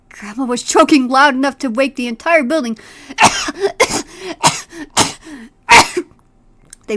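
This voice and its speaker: A woman streamer reading a horror story aloud with dramatic delivery, then chatting casually with a friend. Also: fairly high pitch.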